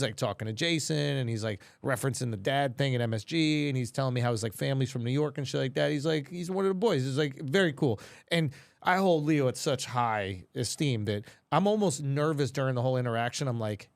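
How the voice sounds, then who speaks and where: A man's voice: mid-range voice, quick pace, gravelly, hardly any pauses, no echo. A man, a comedian, telling stories in a casual podcast chat and swearing freely as he goes. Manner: animated, laughing storyteller who swears freely.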